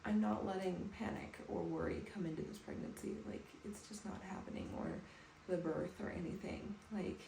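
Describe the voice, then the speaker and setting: A woman in her thirties talking softly and calmly to camera in a personal home vlog. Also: mid-range voice, moderate pace, gravelly. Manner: soft, calm, reflective. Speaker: vlogger. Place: bathroom at home, indoors. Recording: echoey room with faint background noise.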